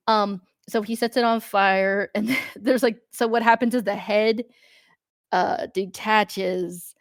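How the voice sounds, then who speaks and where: A woman's voice: mid-range voice, slow pace, dry recording. A young woman co-hosting a podcast, retelling a film in casual chat, full of fillers like "um" and "like". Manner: chatty, lots of fillers, animated retelling with acted-out shouts. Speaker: podcast co-host.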